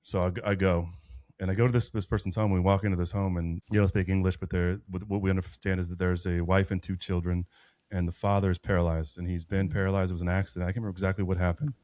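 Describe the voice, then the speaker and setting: A man in his thirties, guesting on a podcast, tells a personal faith story earnestly and ramblingly, restarting often. His low, darkish voice is quick with little pitch movement, and the recording is dry.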